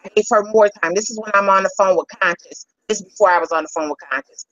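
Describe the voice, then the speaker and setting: Angry woman streamer calling out critics; heated and profane, mid-pitched, dry close mic. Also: quick pace, dry recording, dull audio. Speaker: livestreamer addressing critics. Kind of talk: angry livestream rant.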